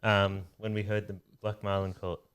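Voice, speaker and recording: A man's voice: fairly low pitch, completely flat delivery, normal speed, a bit bright, smooth. An Australian man co-hosting a fishing podcast in a studio, asking questions and teasing the guests in casual chat. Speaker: podcast co-host.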